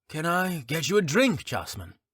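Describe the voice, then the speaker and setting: A gossipy innkeeper who chuckles through his talk, as a man acts him out, his voice pitched up above the narration and swinging up and down. He is knowing and friendly, leaning in to share rumors. It is a dry, close audiobook read. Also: very animated, normal speed, a bit bright, husky, no room sound, full character voice. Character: chuckling middle-aged male innkeeper, gossipy. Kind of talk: audiobook character reading.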